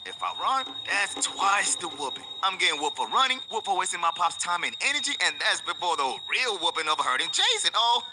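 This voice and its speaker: A young man narrating a childhood story in an animated, slangy and dramatic way. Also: high-pitched, fairly quick, hardly any pauses, background noise. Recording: loud background music.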